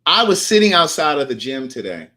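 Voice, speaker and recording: A man's voice: a little high, big pitch swings, fairly quick, pushed and bright. A young man hosting a casual live chat, telling a story and acting out the lines people said. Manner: chatty storyteller, acts out quoted lines. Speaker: host.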